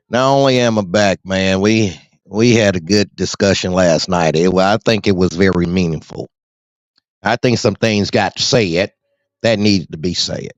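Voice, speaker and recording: A man's voice: low-pitched, no echo, dull audio. A man hosting a podcast in a loose, profane monologue, laughing often and calling out to his listeners. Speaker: podcast host.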